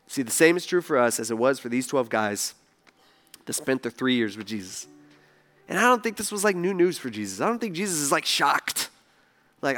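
A male pastor preaching a sermon in an animated way, acting out the voices he quotes and swinging between loud and soft. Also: medium pitch, normal speed, soft background music.

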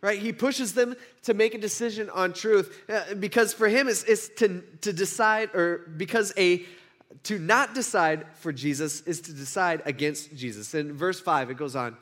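A man teaching a Bible passage in a casual, conversational way, full of fillers and quick "right?" check-ins. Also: high-pitched, fairly bright tone.

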